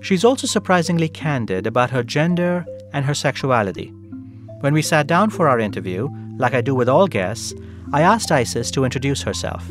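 A man hosting a radio feature, narrating a guest's story in a measured way and asking her questions. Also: mid-range voice, very animated, faint music behind. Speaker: radio show host and interviewer. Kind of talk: scripted narration with interview questions.

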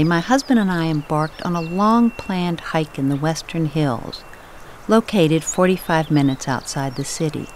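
A woman from the United States narrates her personal essay in a measured, lively storytelling read. Her voice sits slightly low and moves through a wide, animated range of pitch. A faint background noise runs beneath the recording.

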